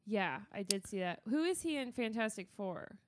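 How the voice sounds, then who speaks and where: A woman co-hosting a casual book podcast, playful and quick to laugh. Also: medium pitch, sing-song, dry recording. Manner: giggly, playful, breaks into laughter often. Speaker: podcast co-host.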